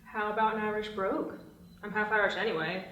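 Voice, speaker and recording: A woman playing an eager, ditzy young woman who speaks softly and hesitantly. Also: medium pitch, steady tone, quick pace, natural voice. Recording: roomy, distant, faint hiss.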